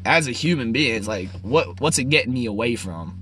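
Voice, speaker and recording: A young man in his twenties ranting casually to camera, profane and rambling, swinging between loud outbursts and low mutters. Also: lively intonation, a little fast, a little hiss or hum. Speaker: vlogger.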